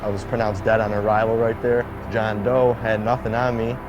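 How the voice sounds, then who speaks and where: A man's voice: lowish voice, flat delivery, brisk, highs cut off. Young man telling his story, "like" everywhere. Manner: heavy use of "like", acts out quoted voices. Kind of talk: personal storytelling in an interview. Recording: interview clip with music underneath.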